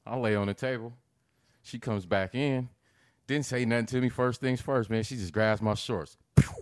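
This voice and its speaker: Man, casual storytelling, animated, profane, high-pitched quoted reactions, dry close sound. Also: moderate pace, smooth, no room sound.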